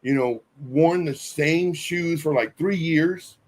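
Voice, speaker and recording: A man's voice: on the high side, takes it slowly. A man co-hosting a casual live stream, telling stories earnestly with many fillers and restarts. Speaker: co-host.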